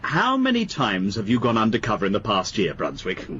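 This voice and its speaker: A man's voice: lowish voice, huge pitch swings, fairly quick, pushed and bright, a little hiss or hum, full character voice. A man playing a pompous, exasperated police inspector, scolding and sarcastic, in a period radio comedy-drama. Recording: dull radio broadcast.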